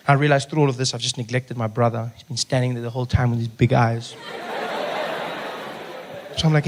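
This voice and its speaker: A man doing stand-up storytelling, animated and exasperated, often launching into loud rants. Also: mid-range voice, fairly quick, long pauses. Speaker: stand-up comedian.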